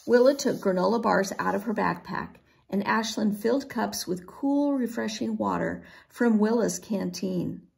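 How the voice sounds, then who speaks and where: A woman reading a children's chapter book aloud, expressive and unhurried. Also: medium pitch, creaky. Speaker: storybook reader. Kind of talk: children's read-aloud narration.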